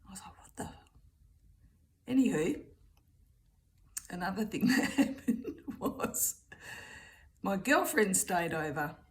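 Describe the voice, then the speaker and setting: A middle-aged woman with an Australian accent telling a rambling story in a chatty, casual way. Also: on the low side. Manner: chatty, rambling, keeps returning with "anyway". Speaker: vlogger.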